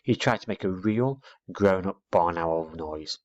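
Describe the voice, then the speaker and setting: Male storybook narrator, lowish voice, animated read-aloud, dull lo-fi audio. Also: unhurried. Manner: expressive, lively read-aloud. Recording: dull lo-fi recording.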